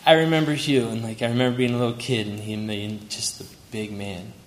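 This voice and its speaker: A young man speaking a little fast, with medium pitch and a steady tone, pays tribute to a family friend at a memorial. His stories are fond and heartfelt, punctuated by chuckles, and the roomy hall adds faint ambience alongside slight background noise.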